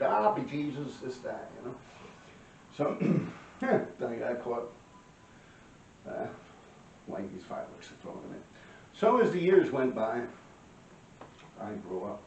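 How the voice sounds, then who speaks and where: Gravelly New man swearing through stories. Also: mid-range voice, a little mellow, a little hiss or hum. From New York. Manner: profane street-style storytelling, frequent throat-clearing. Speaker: vlogger telling life stories. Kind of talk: casual storytelling to camera. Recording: roomy, distant, dull-sounding.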